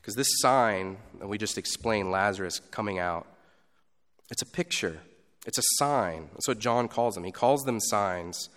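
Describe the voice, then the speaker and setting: A pastor giving a sermon in a conversational style, moving between loud emphasis and quiet asides. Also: male voice, on the low side, a little slow, big-room sound.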